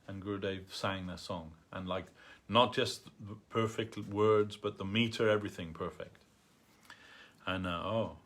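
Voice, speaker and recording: A man telling a story at a temple gathering in a halting way, with many fillers and restarts. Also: low voice, fairly even intonation, fairly bright tone. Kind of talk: storytelling talk. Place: temple hall.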